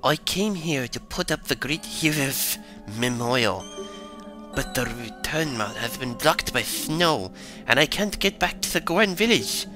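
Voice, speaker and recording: A man voicing a weary, stranded male rock creature from a game, reading its lines slowly and plodding. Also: mid-range voice, expressive, music in the background, pitched above the performer's own voice, close to an everyday voice, low-quality recording. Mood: glum.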